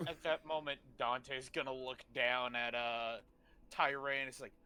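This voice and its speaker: A man's voice: medium pitch, level tone, unhurried, pushed and bright, smooth. A man playing a tabletop role-playing game, declaring his character's actions and speaking his lines with dramatic flair. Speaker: player.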